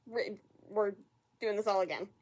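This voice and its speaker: A woman hosting a casual reaction vlog, excitable and giggly, often repeating herself in quick bursts. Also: mid-range voice, slightly rough. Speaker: reaction video host.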